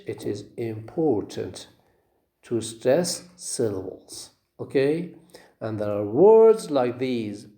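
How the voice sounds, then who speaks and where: Guy teaching phonetics, slow and mellow, voice jumps up and down a lot, lots of uhs. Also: medium pitch, echoey room. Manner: slow, repeats words to demonstrate stress; hesitant, fills pauses with "uh". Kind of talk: phonetics lecture.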